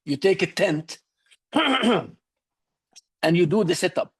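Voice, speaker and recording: Higher-voiced man coaching humor. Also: expressive, slow pace, a bit bright, breathy edge. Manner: instructive, repeats "okay?" to check understanding. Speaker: public speaking coach. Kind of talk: online speaking workshop lesson. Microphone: video call.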